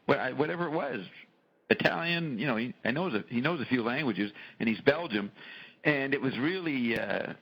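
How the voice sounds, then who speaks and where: Middle-aged male host, gravelly and husky, very lively delivery, profane casual storyteller. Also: mid-range voice, moderate pace, rough recording. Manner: animated storyteller, frequent profanity. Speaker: podcast host. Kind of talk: casual conversation.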